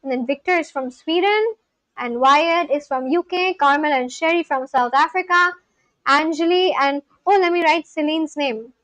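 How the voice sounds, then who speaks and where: A high-pitched woman chats casually with her live-stream audience. She reads their messages aloud and answers each one. The sound is close and dry, with no room around it. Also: moderate pace, fairly bright tone, no echo, low-quality recording. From Kolkata, India. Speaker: livestreamer.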